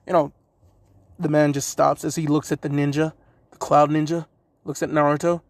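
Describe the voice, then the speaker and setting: Rambling, slightly high-voiced man storyteller. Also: little pitch movement, normal speed, no echo, poor audio. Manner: rambling, full of "you know" and swearing. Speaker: fan fiction storyteller. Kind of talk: casual improvised storytelling.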